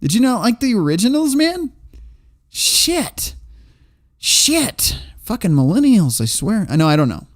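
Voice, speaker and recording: A man's voice: high-pitched, sing-song, fast, hardly any pauses, a little mellow. A man hosting a livestream, reading chat comments aloud in a rambling, profane way and laughing often.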